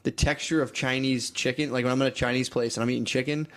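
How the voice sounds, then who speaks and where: A man's voice: medium pitch, steady tone, fast talker, a bit bright. A man in his thirties co-hosting a podcast, telling rambling, crude anecdotes in casual comedic chat. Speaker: podcast co-host.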